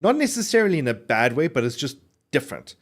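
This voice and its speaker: A man streaming a game and chatting casually. He rambles with many restarts, swears freely and speaks with clear enunciation. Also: medium pitch, very animated, quick pace.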